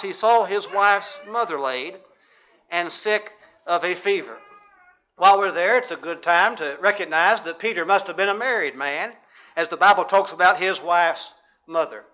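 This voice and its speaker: A man's voice: high-pitched, sharp tone. A man preaching a sermon, reading scripture aloud in old-fashioned wording and asking his listeners questions. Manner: reads scripture in King James wording, asks the listeners questions. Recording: dull lo-fi recording.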